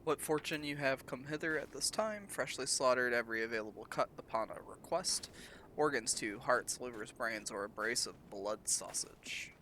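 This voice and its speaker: A man voicing a nomad butcher who lists his meats in old-fashioned, slow phrasing. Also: mid-range voice, lively intonation, pushed and bright, slight background noise. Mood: offering.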